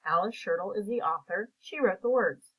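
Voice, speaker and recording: A woman teacher reading a picture book aloud and asking simple comprehension questions in a slow, clear, patient way. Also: medium pitch, fairly bright tone, poor audio.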